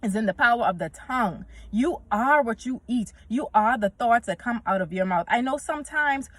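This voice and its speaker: A woman's voice: on the high side, expressive, normal speed, no room sound. Earnest woman preaching to camera. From Bahamas. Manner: earnest and preachy, quotes scripture, acts out little dialogues. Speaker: vlogger. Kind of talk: casual faith-based talk to camera.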